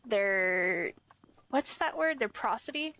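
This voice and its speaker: A woman's voice: medium pitch, expressive, slow pace, a bit bright, lo-fi sound. An American woman streaming a game, chatting casually with viewers, reading their messages and often searching for her words. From United States. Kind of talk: casual chat with viewers while gaming.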